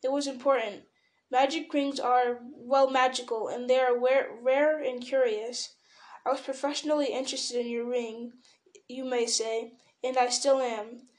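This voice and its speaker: A grave, stern old wizard, voiced by a woman reading aloud. He speaks in a measured, persuasive way. The voice is a little high. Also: steady tone, darkish tone.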